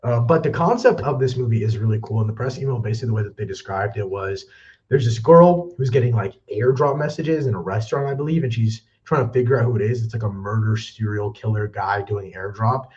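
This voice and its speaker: A young man talks fast in a low-leaning, slightly mellow voice as he hosts a movie news livestream, a little out of breath. He rambles, apologizes, and puts himself down in easygoing chat. His usual mic has been swapped for a backup, which makes the recording dull and lo-fi.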